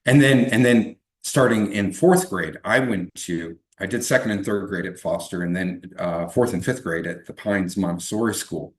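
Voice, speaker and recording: Deep-voiced rambling middle-aged man. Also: moderate pace, hardly any pauses. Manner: rambling, many restarts and fillers. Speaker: guest. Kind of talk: casual interview storytelling. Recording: echoey room.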